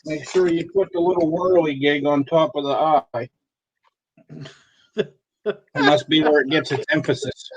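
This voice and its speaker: A man's voice: fairly high pitch, fairly even intonation, slightly rough, rough recording. Joking, cursing man on a live stream. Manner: profane, joking, reads a snack's ingredient list slowly. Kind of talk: casual live-stream chat.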